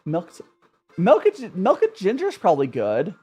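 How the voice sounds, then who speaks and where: Lively, rambling livestream chatter. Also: mid-range voice, normal speed, husky, soft background music. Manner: rambling and chatty, greeting viewers by name. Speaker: tea-drinking livestreamer. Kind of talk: casual livestream chat.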